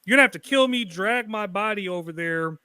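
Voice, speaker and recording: A man on a casual stream, telling crude stories and acting out lines of dialogue. His voice is bright, a little high, and swings widely in pitch. The sound is dry and close. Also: lively intonation, brisk, clean tone, dry recording. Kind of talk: casual chat, storytelling.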